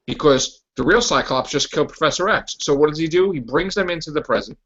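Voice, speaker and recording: A man's voice: on the high side, quick pace, few pauses, a bit bright. A man hosting a podcast, ranting casually and animatedly, laughing and stumbling over restarts. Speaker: podcast host. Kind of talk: casual comic-book rant. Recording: lo-fi, muffled.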